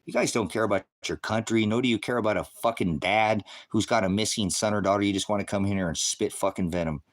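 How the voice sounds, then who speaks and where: Quick-paced and on the low side, a middle-aged man on a livestream launches into a profane, heated rant. He confronts and lectures his viewers and the chat head-on.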